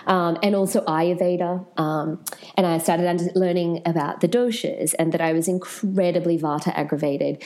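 Frank woman with a mellow, lowish voice. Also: moderate pace. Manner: frank, animated, swears casually. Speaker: interview guest. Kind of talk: candid personal storytelling.

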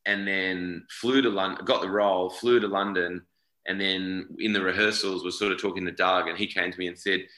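Deep-voiced aussie man, rambling. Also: steady tone, normal speed, bright, forceful tone, roomy sound, rough recording. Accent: Australian. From Australia. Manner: rambling, self-correcting, repeats words. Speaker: actor guest. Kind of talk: casual interview chat.

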